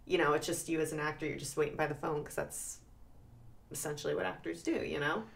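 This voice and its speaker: A woman co-hosting a casual podcast chat, supportive and quick to chime in with agreement. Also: low voice, steady tone, gravelly. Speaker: podcast co-host.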